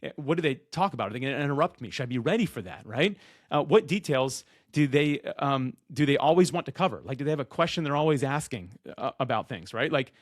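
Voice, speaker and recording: A man who talks loud and fast, coaching people on being podcast guests in an energetic, direct-to-camera way, often acting out what guests and hosts say. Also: mid-range voice, dry recording, studio quality.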